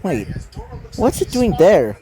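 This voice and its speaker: A man's voice: high-pitched, huge pitch swings, slow, warm tone, heavily acted. A man voicing a startled, hesitant young female adventurer in a fan fiction reading.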